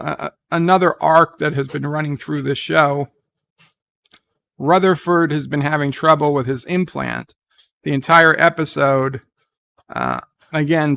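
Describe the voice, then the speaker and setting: A man's voice: on the high side, vocal fry, fairly bright tone, no room sound. A man giving a casual, rambling recap of a TV episode, full of fillers and restarts. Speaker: show reviewer.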